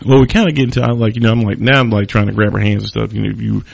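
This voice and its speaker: A man with a low, heavily gravelly voice tells a long personal story on his podcast. He rambles casually, swears freely and leans on fillers. The sound is dry and close, with no room around it. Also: little pitch movement, very fast, dry recording. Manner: loose and profane, heavy on fillers. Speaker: podcast host.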